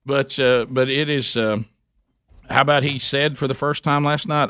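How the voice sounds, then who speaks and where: Rambling radio host. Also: male voice, moderate pace, clean tone, no room sound. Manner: rambling, animated, jumps into high voices for quoted people. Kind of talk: casual talk radio storytelling.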